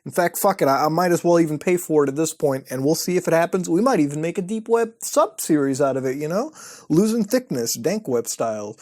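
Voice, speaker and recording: A man's voice: on the high side, a little mellow, no room sound, studio quality. A man hosting an online show, giving sarcastic, profane commentary as he browses and mocks websites. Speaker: host.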